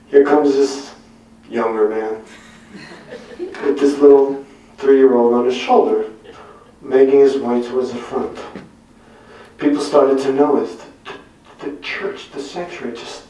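Slow, echoing middle-aged man's testimony. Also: fairly high pitch, a little mellow. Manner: earnest, with wry self-deprecating humor. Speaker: church speaker giving a testimony. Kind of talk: personal testimony storytelling. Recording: very echoey room, mic far off.

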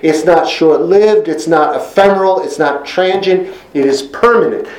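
A man preaching a sermon in an earnest, emphatic way, slowing down to stress key phrases. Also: fairly high pitch, darkish tone, roomy sound, poor audio.

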